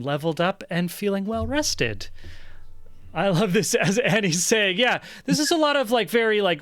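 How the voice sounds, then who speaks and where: A man's voice: fairly high pitch, a bit bright, clean tone, no room sound. A man running a tabletop game as game master, talking with enthusiasm and encouraging his players.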